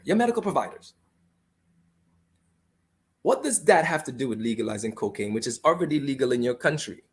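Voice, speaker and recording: A man from Grenada, speaking as a guest on a radio talk show in an impassioned, argumentative way. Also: fairly high pitch.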